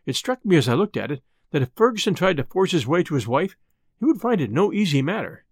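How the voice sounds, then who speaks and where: A man reading a detective story aloud with expressive storytelling. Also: fairly high pitch, quick pace, no echo, clean studio sound. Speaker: audiobook narrator. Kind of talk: scripted narration.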